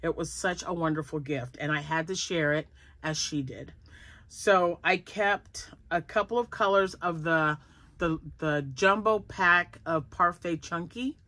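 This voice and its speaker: A woman's voice: on the low side, a little slow, sharp tone, no room sound. An older woman chatting casually at home about her crochet projects, rambling and laughing often. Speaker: crochet vlogger. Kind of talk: casual chat.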